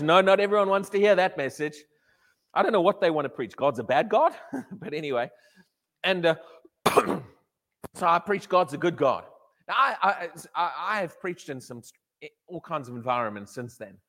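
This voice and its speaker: A middle-aged man preaching a sermon, telling a story with many stammered restarts and quick laughs. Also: fairly high pitch, a bit bright, big-room sound.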